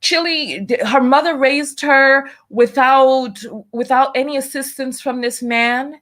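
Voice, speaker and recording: This is a woman with a somewhat high voice hosting a casual talk show, chatting on her own about the news of the day. She talks wryly and throws rhetorical questions at her viewers, then reads out and thanks them for their donations. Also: measured pace, fairly bright tone. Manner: talkative, wry, rhetorical questions. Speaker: show host. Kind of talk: casual commentary and reading donations.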